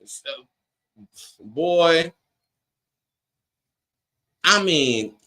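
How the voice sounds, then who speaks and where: Man ranting on a live stream, lively pitch. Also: drawn-out words. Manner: frustrated, profane ranting, reads chat aloud. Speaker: wrestling watch-along streamer. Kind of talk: live-stream reaction rant.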